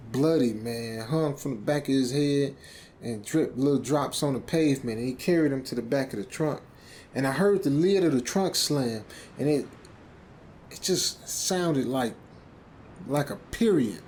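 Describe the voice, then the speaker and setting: Man, story narration, rambling, stammering, casual, faint background rumble. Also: a little mellow. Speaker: narrator reading a horror story.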